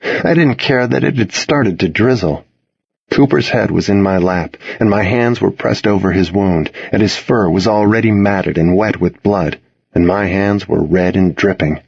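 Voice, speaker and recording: A man reading a dramatic first-person story aloud, expressive in his delivery. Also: low-pitched, normal speed, gravelly, slightly rough, no echo, muffled recording. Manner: expressive, voices the other characters in his reading.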